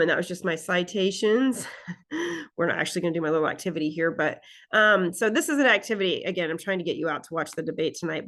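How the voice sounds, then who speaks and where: A woman teaching a college English class, talking in a relaxed, conversational way and often checking in with "right?" and "okay?". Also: fairly low pitch. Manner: reads example lines aloud expressively. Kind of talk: recorded class lecture recap.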